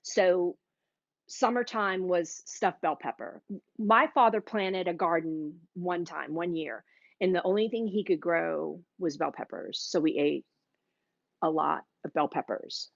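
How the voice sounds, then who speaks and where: Hosting a live cooking demo, a woman chats and gushes directly to her viewers in a lowish, unhurried voice with vocal fry. The live-stream audio is dull and dry.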